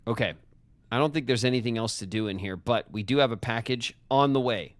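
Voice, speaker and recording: A man's voice: mid-range voice, fairly quick, no room sound. A man streaming a puzzle game, chatting with his viewers and himself in a loose, joking way as he works out clues. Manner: chatty, talks to chat and himself, jokey asides. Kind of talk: casual live gameplay commentary.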